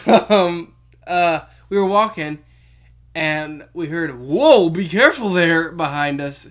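Giggly young woman telling stories slowly. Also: deep voice. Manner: giggly storyteller, acts out quotes. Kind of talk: casual chat.

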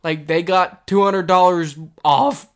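A young man in casual chat, telling stories in an animated way with loud ranting bursts. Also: high-pitched, unhurried, clean tone.

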